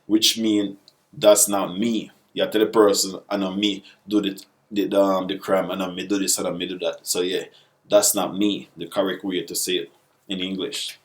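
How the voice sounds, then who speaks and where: A deep-voiced man with a Jamaican accent walks through basic patois phrases in a laid-back video lesson. He repeats each example in dialect before giving the plain English version. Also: flat delivery, moderate pace. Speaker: vlogger teaching patois.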